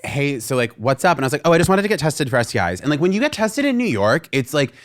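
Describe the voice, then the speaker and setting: A young man from Vermont, co-hosting a podcast, tells a story in a casual, animated way and acts out the people in it. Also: a little high, fast. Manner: animated storyteller acting out quoted voices, lots of "like". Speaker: podcast co-host.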